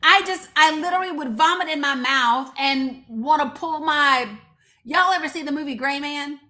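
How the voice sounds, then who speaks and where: A woman's voice: sits high, moderate pace, sharp tone. A woman with an East Tennessee accent hosting live political commentary, blunt, sarcastic and profane. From Northeast Tennessee. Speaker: live show host.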